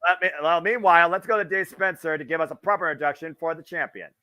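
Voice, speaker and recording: A man from the US Midwest talks fast in a high, pushed, bright voice. He hosts a relaxed live wrestling watch-along, joking around, chatting, and cursing freely.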